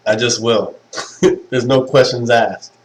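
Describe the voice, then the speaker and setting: A young man talks casually to his livestream viewers through a webcam mic. He gushes in a sentimental way and breaks into laughs often. His voice sits at an ordinary middle pitch for a man. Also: steady tone, slow pace, poor audio. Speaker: livestream host. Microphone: webcam stream mic.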